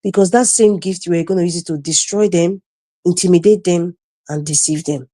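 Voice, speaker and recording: A woman's voice: fairly low pitch, a little fast, dark tone, no echo. A woman with a Nigerian accent speaking as a panelist on a video call, giving impassioned political commentary, indignant and emphatic, repeating her phrases.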